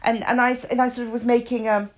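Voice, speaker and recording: A woman's voice: a little high, flat delivery, quick pace. A woman co-hosting a podcast in casual chat, wry and self-mocking, swearing now and then. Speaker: podcast co-host.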